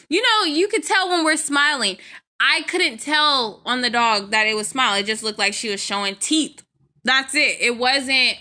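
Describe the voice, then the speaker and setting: A woman's voice: fairly high pitch, pushed and bright. A young woman telling a casual story to her viewers, chatty and devout, calling them y'all, with her allergies acting up. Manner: chatty, addresses viewers as y'all, prayerful asides. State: allergies, itchy nose. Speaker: vlogger.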